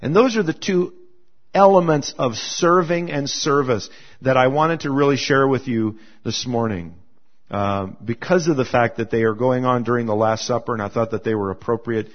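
A male pastor delivering a morning sermon in a relaxed, conversational way. He keeps repeating his phrases and slips into the voices of the people he quotes. His voice sits at a middle pitch, and the recording sounds a little muffled and lo-fi. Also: moderate pace. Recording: slightly dull lo-fi sound.

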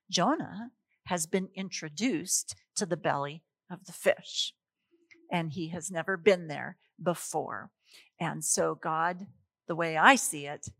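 A woman teaching a Bible passage in an animated, emphatic way, reading verses and explaining them. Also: mid-range voice, dry recording. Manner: animated, emphatic, chuckles at her own points. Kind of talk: expository sermon.

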